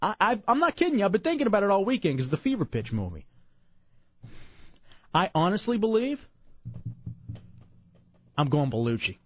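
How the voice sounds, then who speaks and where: A young man from Dallas talks in a slightly husky voice that swings lively up and down. He rambles and jokes, tired and a bit worn out. The recording is dull and lo-fi, with a dry room sound. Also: sits high, fairly quick, long pauses, no room sound. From Dallas, Texas. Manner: rambling, animated, joking. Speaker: podcast host. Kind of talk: casual chat.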